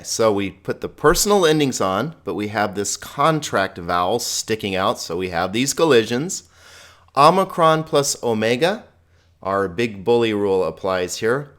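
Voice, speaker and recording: A man with a fairly low voice teaches a recorded lesson on Greek grammar. He talks in a patient, chatty way and slows down to spell out each Greek word. He chuckles at his own slips at the keyboard. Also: fairly bright tone. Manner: spells out Greek words slowly. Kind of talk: recorded screen lecture.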